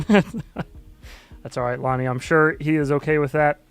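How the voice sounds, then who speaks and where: A man's voice: a little high, unhurried, creaky, smooth. A man hosting a casual livestream, chatting loosely and swearing casually between reactions. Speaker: livestream host.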